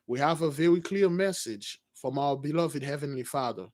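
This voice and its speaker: A man voicing an eloquent elderly male spokesman who speaks calmly and formally. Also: a little high, voice pushed down, lightly acted. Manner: soft, measured, formal.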